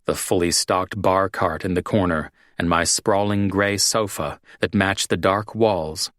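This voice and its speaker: Slow, low-voiced male audiobook narrator. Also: fairly even intonation, fairly bright tone, no echo, studio quality. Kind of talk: scripted first-person narration.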